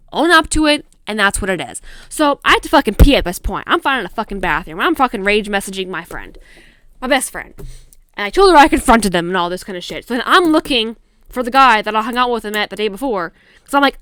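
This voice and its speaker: A young adult woman hosting a podcast, telling a story in casual, profane, animated style and acting out the quoted lines. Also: a little high, brisk, dry recording. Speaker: podcast host. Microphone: podcast microphone.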